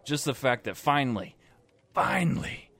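A man co-hosting a podcast, chatting casually and excitedly, joking and laughing often. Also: medium pitch, fairly quick. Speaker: podcast co-host. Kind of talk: casual chat.

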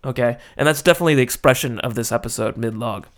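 A man's voice: medium pitch, quick pace, hardly any pauses. Chatty American man telling funny stories. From United States. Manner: rambling, laughing, self-deprecating anecdotes. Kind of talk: casual storytelling.

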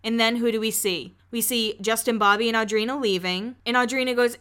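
A young woman on her podcast, chatting and gossiping her way through a recap, peppering it with "like" and the odd curse. Her voice sits a little high and sounds bright and crisp. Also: fairly even intonation, fairly quick, few pauses. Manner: chatty and gossipy, with frequent "like" and swearing. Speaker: podcast host recapping a reality show. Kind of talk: casual recap commentary.

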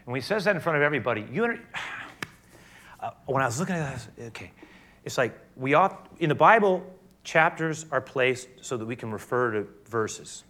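A man preaching a sermon, who swings from hushed to loud and often restarts and repeats himself as he builds. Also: medium pitch, lively intonation, moderate pace. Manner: frequent restarts and repetitions. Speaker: pastor.

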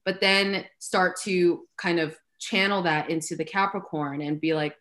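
A woman with a somewhat low voice talks through astrology in a relaxed podcast chat. She is earnest and explanatory, and her talk is dotted with likes and ums. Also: a little slow. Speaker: astrologer guest.

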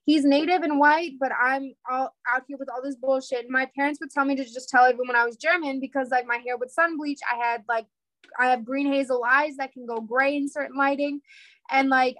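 A young woman streamer with a high voice tells stories bluntly and swears freely in casual chat. She is from the United States and speaks into a dry, close sound. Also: a bit bright, no room sound, poor audio. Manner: blunt, profane storytelling.

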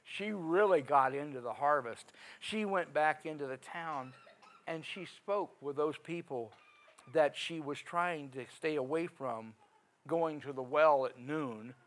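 A man preaching a sermon in a folksy, conversational way, swinging from quiet talk up to sudden loud rises. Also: on the high side, a little slow, rough recording.

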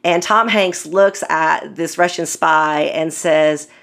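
A middle-aged woman co-hosting a faith podcast, speaking warmly with frequent fillers and laughs. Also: low voice, takes it slowly. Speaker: podcast co-host. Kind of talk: casual faith-based discussion.

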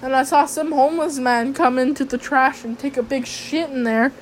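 High pitched girl doing a storytime vlog, rambly and sarcastic, lots of swearing, a little noise behind her. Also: steady tone, normal speed. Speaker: vlogger. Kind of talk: casual storytime monologue.

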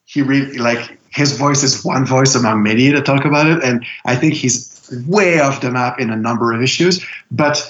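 A man in casual conversation, talking with many fillers, restarts and pauses. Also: mid-range voice, fairly bright tone, lo-fi sound.

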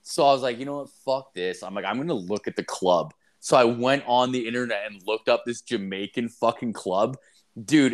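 Young man, from Canada, casual crude chat, rambling, heavy swearing, lots of fillers. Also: mid-range voice. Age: young adult. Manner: rambling, profane storytelling with many fillers.

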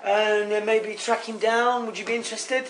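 A man co-hosting a comedy podcast, joking in quick banter. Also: high-pitched, flat delivery, fairly bright tone, slight background noise, low-quality recording. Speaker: podcast co-host. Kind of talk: casual comedy chat.

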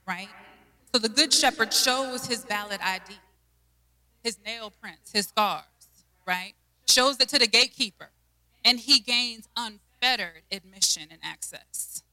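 A woman's voice: mid-range voice, measured pace, bright, forceful tone. A woman preaching a sermon to a congregation, repeating key phrases and calling for responses. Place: church sanctuary. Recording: echoey hall with long reverb.

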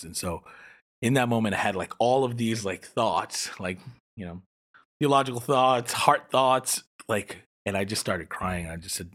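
Guest: young man, very deep and husky, earnest and rambling, church planter telling his story. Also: moderate pace. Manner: earnest, rambling with many restarts. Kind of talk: personal storytelling in an interview.

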